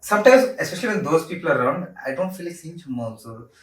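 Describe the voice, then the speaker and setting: Animated young man, roomy distant sound. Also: a little high, very fast. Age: 20s. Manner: laughing, joking, loose and animated. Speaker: podcast co-host. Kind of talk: casual chat.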